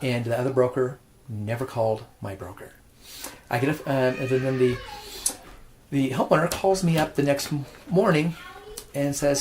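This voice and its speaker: A man's voice: mid-range voice, normal speed, pauses often, darkish tone. Middle-aged male real estate agent, casual storyteller, restarts often, mid-range voice, faint noise behind. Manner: rambling, frequent restarts and repeated words.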